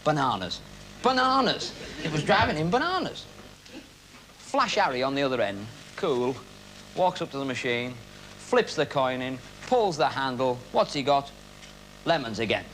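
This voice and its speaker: Lively, teasing comic magician. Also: male voice, medium pitch, normal speed, a little hiss or hum, rough recording. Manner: cheeky, teasing banter with audience volunteers. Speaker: magician and comedy host. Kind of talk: stage comedy patter with audience participation. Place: television studio stage with a live audience.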